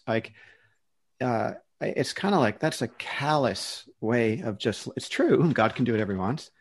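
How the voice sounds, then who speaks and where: A man's voice: mid-range voice, lively intonation, measured pace. A man speaking earnestly in a casual discussion, defending a Christian view and often restarting his sentences as he searches for words.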